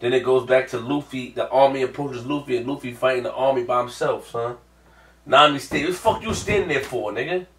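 A man hosting a manga reaction, ranting with profanity and swinging from mumbled recaps to yelling. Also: medium pitch, a little fast. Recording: echoey room, far from mic.

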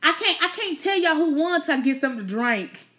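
A woman's voice: sits high, big pitch swings, a little fast, pushed and bright. A woman hosting a casual live stream, chatting playfully with her viewers, teasing them and laughing often.

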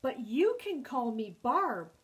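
A woman voicing a sweet young female hedgehog in a storybook, speaking in a clear, high voice. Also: very animated, slow, full character voice.

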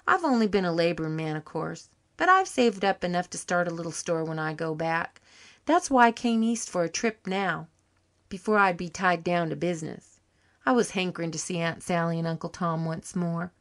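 A woman's voice: fairly low pitch, moderate pace, a bit bright. A woman reading an audiobook, voicing an earnest young male farmhand who speaks in a rustic country dialect. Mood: modest.

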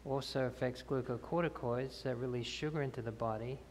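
After a talk in a church hall, a male health speaker answers questions, explaining with fillers and restarts. His mid-range voice is brisk, fairly even in intonation and a little mellow, with a slight hiss or hum. The reverberant hall carries faint ambience.

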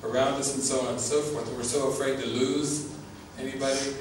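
A man's voice: medium pitch, steady tone, fairly quick. A man giving an informal spiritual talk as a teacher, earnest and often laughing, repeating his words. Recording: echoey, distant mic with background noise.

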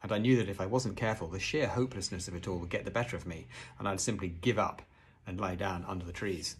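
Deep, very husky male storyteller. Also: quick pace. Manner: hushed and suspenseful, with casual asides to show pictures. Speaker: storyteller reading a children's book aloud. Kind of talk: storybook read-aloud narration.

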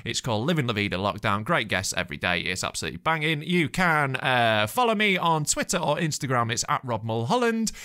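A man's voice: medium pitch, very animated, fairly quick, few pauses, bright, forceful tone, smooth. A British man, a stand-up comedian, ranting sarcastically and swearing hard as he hosts his comedy podcast. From Britain. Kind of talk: comic rant.

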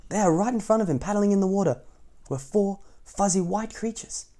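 Mellow-voiced man reading a picture book. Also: high voice, moderate pace. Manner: gentle asides to young listeners. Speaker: storytime reader.

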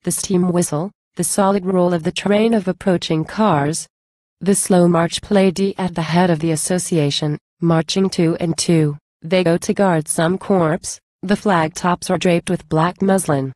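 A woman giving a measured, declamatory poetry recitation. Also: fairly low pitch, fairly even intonation, darkish tone, no echo. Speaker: reader.

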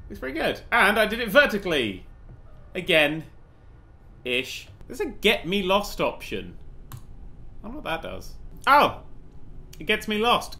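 Excitable man doing game commentary. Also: high-pitched. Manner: excitable, sarcastic, swears freely. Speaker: gaming video host. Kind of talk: comedic gameplay commentary.

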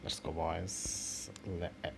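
A man hosting a mobile football game channel, giving casual, excitable commentary with swearing and halting restarts over his own play. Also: deep voice, vocal fry. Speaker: gaming channel host. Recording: noisy home recording.

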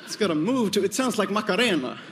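A man performing a stand-up comedy set before a live audience, animated and imitating foreign speech and swearing. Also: high-pitched, quick pace. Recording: noisy live venue.

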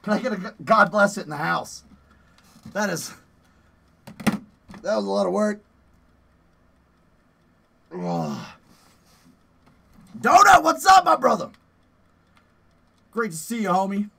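A man streaming a horror game, yelling and playfully cursing at enemies, out of breath after push-ups. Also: high-pitched, huge pitch swings, slow, creaky, long pauses, breathy edge. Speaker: gaming streamer. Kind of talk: live gameplay commentary.

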